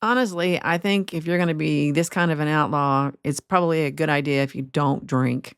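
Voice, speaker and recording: Low-voiced woman narrating history. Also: fairly quick, clear, resonant tone, no room sound, studio quality. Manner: steady storytelling, wry asides. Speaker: podcast host.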